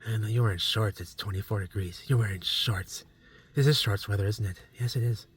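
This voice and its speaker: A man's voice: lowish voice, a little fast. A man from Minnesota, vlogging outdoors near old mill buildings, chatty and rambling, repeating his own phrases in a folksy way. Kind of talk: casual walking vlog.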